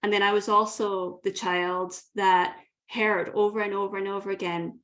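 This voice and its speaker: A woman's voice: mid-range voice, level tone, moderate pace, few pauses, fairly bright tone. Earnest Scottish woman in her thirties. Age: 30s. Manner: earnest, vivid, uses imagery. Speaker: coach, podcast guest. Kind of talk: reflective personal storytelling.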